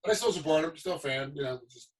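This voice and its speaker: A man's voice: on the high side, quick pace. A middle-aged man, a former fighter, chatting as a guest and acting out other people's voices as he tells stories. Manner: animated storyteller, acts out quoted voices. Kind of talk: casual chat.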